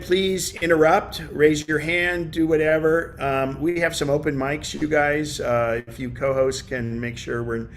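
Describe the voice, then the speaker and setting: A man's voice: medium pitch, a bit bright, a little hiss or hum. Rambling man teaching a tech class. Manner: rambling, lots of fillers and restarts. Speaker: class presenter.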